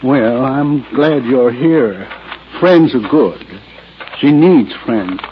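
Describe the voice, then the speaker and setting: A man's voice: mid-range voice, extremely slow, a little hiss or hum. A man playing a folksy, worried farmer who talks hesitantly, in 1940s radio acting on an old radio recording. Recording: dull old radio broadcast with music.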